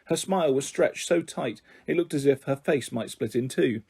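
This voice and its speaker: Male storyteller for a children's novel; calm, even, mellow delivery. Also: medium pitch, normal speed, gravelly, breathy edge. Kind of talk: reading a children's novel aloud.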